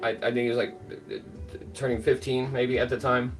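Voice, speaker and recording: A man's voice: medium pitch, unhurried, pauses often, distant mic, faint music behind. A middle-aged man hosting a livestream, telling a rambling, filler-heavy story and greeting chat viewers by name. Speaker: livestream host.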